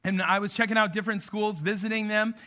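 High, bright-voiced pastor in his thirties. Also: steady tone, fast talker. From New Mexico, US. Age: 30s. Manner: casual, chatty, joking storyteller. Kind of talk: sermon.

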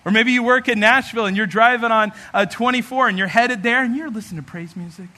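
A man preaching a sermon as pastor, animated and humorous, acting out everyday scenes. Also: very high voice, fast.

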